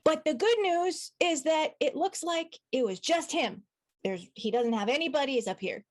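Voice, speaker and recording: A woman's voice: sits high, expressive, normal speed. A woman playing in a tabletop game, chatting and thinking aloud about her moves. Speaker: player. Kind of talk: casual tabletop play.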